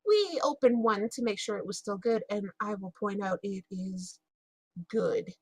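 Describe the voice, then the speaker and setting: A woman's voice: medium pitch, measured pace, husky, no room sound. A woman playing a tabletop role-playing game in character, talking with frequent hesitations and fillers. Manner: hesitant, many fillers and restarts. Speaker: player.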